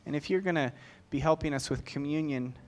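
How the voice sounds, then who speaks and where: Pastor, man, slightly high voice, earnest and conversational sermon delivery with repeated phrases. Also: a little fast.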